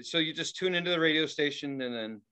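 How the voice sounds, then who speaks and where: A man chats casually on a podcast, spinning stories with plenty of laughter and sudden shouted lines. His voice sits a little high and sounds bright. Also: quick pace, smooth. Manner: animated storyteller, laughs and yells quoted lines. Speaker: podcast co-host. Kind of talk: casual chat.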